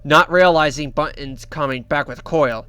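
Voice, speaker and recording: A man hosts a reaction video, retelling a story and sharing his own theories. His voice is bright, smooth and somewhat high, and he talks haltingly, with frequent restarts and repeated words. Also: faint music behind. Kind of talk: reaction vlog narration.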